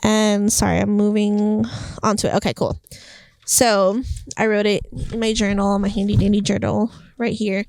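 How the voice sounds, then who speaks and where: A young woman talking about her faith in a casual vlog, chatty and animated, filling her sentences with "like" and acting out what was said. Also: mid-range voice, normal speed, creaky, no room sound. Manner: chatty, heavy use of "like", animated quoting. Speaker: faith vlogger. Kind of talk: casual devotional vlog monologue. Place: indoors, Los Angeles home. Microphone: phone or camera mic.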